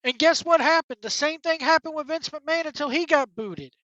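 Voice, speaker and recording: High-voiced woman ranting bluntly. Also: a little fast, a bit bright, no room sound. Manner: blunt, profane, exasperated. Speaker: wrestling commentary host. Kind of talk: opinionated solo rant. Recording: dull, dry lo-fi sound.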